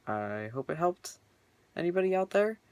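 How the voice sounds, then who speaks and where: A man's voice: high-pitched, big pitch swings, normal speed, darkish tone, clean tone, no echo. A young man vlogging casually from his bedroom, rambling earnestly with lots of filler words. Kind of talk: casual personal vlog.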